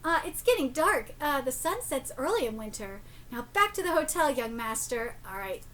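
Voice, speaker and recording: A woman's voice: high voice, very animated, normal speed, fairly bright tone, a little hiss or hum. A woman streamer reading a manga aloud live and reacting in a casual, blunt way, swearing freely.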